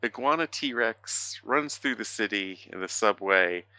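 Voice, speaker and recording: A man's voice: fairly low pitch, expressive, sharp tone, clear, resonant tone, dry recording. A man co-hosting a podcast, rambling through a casual chat full of fillers and the odd swear word. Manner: rambling, profane, halting with many fillers. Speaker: podcast co-host.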